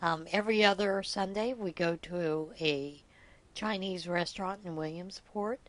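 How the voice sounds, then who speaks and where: Unhurried and lowish, a middle-aged woman hosts a knitting podcast in a casual storytelling vlog. She spins teasing, good-humored anecdotes chattily and laughs often along the way.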